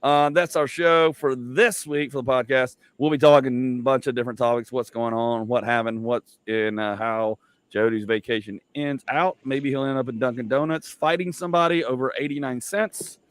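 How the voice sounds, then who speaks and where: A man's voice: mid-range voice, fairly even intonation, moderate pace, clean tone, no room sound. A middle-aged man hosting a podcast from home, talking loosely with lots of fillers and jokes. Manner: loose, rambling, joking, many fillers. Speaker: podcast host. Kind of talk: casual podcast chat.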